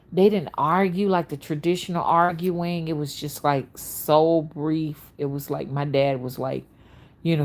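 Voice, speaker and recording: Woman host, spiritual reader on a livestream: soothing, melodic, lowish voice, slow, unhurried delivery. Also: a little mellow. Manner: unhurried, talks to viewers by name, folksy asides. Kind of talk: casual livestream chat.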